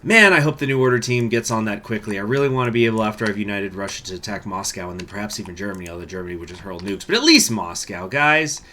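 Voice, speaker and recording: Excitable male strategy game commentator. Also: fairly low pitch, fast talker, hardly any pauses. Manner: chatty, excitable, reads game text aloud. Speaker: gaming channel host. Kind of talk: let's play commentary.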